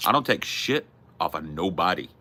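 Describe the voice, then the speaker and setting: Brief: low male streamer, blunt and profane, forceful edge. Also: expressive, normal speed. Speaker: streamer host. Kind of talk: casual chat answering viewers.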